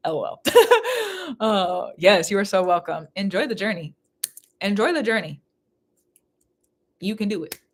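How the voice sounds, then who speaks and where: A woman giving a live spiritual reading in casual chat, who laughs often and repeats phrases. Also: mid-range voice. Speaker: spiritual reader.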